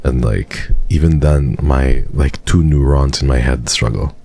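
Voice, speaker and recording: A man's voice: extremely low pitch, measured pace, dark tone, breathy edge. A man streaming live who chats casually with his viewers, answers their questions and thanks them in a playful, teasing way.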